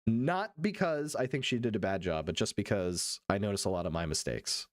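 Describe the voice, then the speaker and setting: A young man streaming, reacting to clips in profane, excited commentary full of laughs. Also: lowish voice, brisk, no echo, studio quality.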